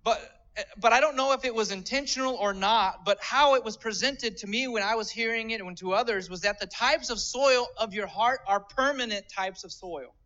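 A man's voice: high voice, normal speed, bright, forceful tone, highs cut off. A man preaching a sermon, earnestly explaining scripture step by step. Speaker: pastor.

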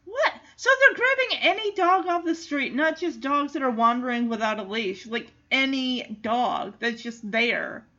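A woman chatting casually in an amused way as she recaps a movie and does quick character voices. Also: high-pitched, lively intonation, pushed and bright, dull audio.

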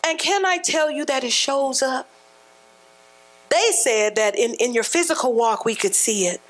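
Woman preacher, high-pitched, colloquial, punchy sermon delivery that swells to shouting. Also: a little slow, low-quality recording. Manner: emphatic, rising to shouts, colloquial and conversational.

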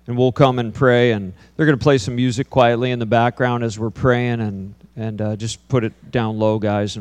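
A man in his fifties, a pastor preaching to a congregation, telling a lively story, then turning quiet and earnest. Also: mid-range voice. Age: 50s. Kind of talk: sermon with storytelling. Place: church before a congregation.

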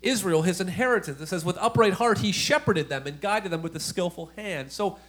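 A man with a notably high-pitched voice delivers a sermon as a pastor. He talks in a conversational way, tossing out rhetorical questions, and swells into emphatic, forceful stretches. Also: brisk, slightly rough.

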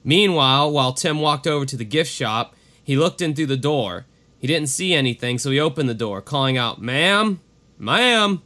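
This podcast co-host, a man on a casual true-crime show, speaks briskly at medium pitch with a fairly bright tone. He reads case notes but breaks away for profane, casual asides.

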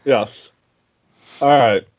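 Slow, dry-voiced podcast co-host, a man. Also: medium pitch, darkish tone, no room sound. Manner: dry, skeptical. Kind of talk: casual chat. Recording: dull, lo-fi and dry.

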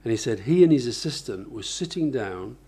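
A man's voice: medium pitch, lively intonation, fairly quick, dark tone, husky. A man, interviewed about his book, explaining his ideas thoughtfully with examples and frequent restarts. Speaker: author and interviewee. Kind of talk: conversational interview.

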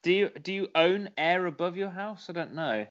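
A man's voice: high voice, moderate pace, a bit bright. A man co-hosting a casual podcast, rambling and hesitant, often giggling. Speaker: podcast co-host. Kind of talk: casual chat. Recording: dull lo-fi sound.

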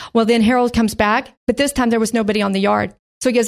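A middle-aged woman with a gravelly edge tells her testimony in an animated, storytelling style, slipping into the voices of the people in her story. Her pitch is average, and faint music sits behind her. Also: quick pace. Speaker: pastor's wife giving testimony. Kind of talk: sermon testimony.

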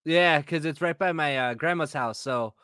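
A man's voice: fairly high pitch, moderate pace, clean tone, no echo, studio quality. A man chatting as a podcast guest, telling stories and acting out what people said. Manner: animated storyteller who acts out quoted lines. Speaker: podcast guest, comic creator. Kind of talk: casual chat.

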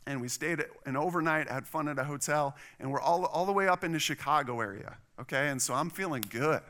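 A middle-aged pastor preaches a sermon, animatedly telling a personal story and acting out the voices of the people in it. His voice is a little high and his pace a little fast.

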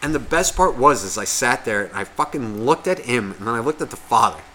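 Profane, bright-voiced man telling a story. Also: mid-range voice, brisk, a little hiss or hum. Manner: profane, animated, acts out quoted voices. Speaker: podcast co-host. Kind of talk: casual storytelling chat.

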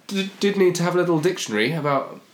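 A man's voice: high-pitched, animated, quick pace. A British man co-hosting a podcast, chatting casually with dry, wry quips. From Britain. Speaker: podcast co-host. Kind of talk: casual chat. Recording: roomy echo.

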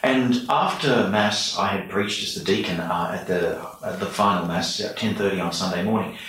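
An Australian priest speaks in an earnest, reflective way, with a fairly low voice. The sound is strongly echoey and picked up from some distance away in the room. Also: male voice, moderate pace, a bit bright. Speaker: priest, interview guest. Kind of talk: storytelling in an interview. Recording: echoey room, mic far off.

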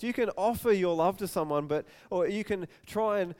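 A man preaching a sermon, telling an animated story and acting out the voices in it. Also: high-pitched, normal speed, smooth. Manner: animated, acts out scenes with quoted voices.

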